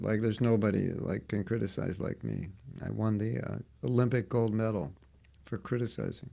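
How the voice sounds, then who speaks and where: A man's voice: medium pitch, gravelly, a little mellow. A man teaching a casual devotional class, joking and conversational, repeating words for emphasis. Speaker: spiritual teacher.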